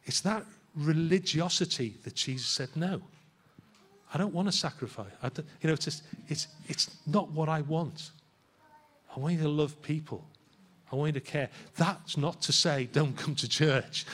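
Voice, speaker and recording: A man's voice: a little high, moderate pace, a bit bright. A man, a pastor, preaching a sermon in a church in a conversational way and asking his listeners rhetorical questions.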